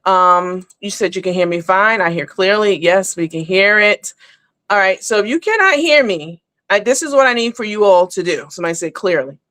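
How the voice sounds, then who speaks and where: A woman's voice: medium pitch, lively intonation, normal speed, a bit bright, dry recording. A woman hosting a live online show, talking casually and at length to her viewers, calling them honey and baby. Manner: chatty, rambling, addresses viewers as honey and baby. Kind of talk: casual live-stream commentary.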